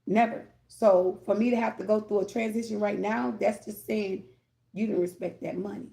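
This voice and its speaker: A woman's voice: medium pitch, fairly even intonation, normal speed, gravelly, dark tone. A woman giving a candid, rambling tarot reading, often addressing viewers directly and checking in with them. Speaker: tarot reader. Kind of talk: casual spiritual talk to viewers.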